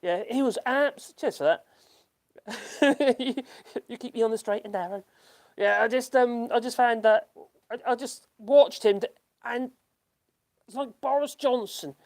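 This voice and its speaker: A man chats through a casual live stream from his home, reading viewer comments as they come in. He rambles along in a self-deprecating way, laughs at himself often and keeps stopping to restart his sentences. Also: very high-pitched. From United Kingdom. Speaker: YouTube channel host. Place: at home in rural France.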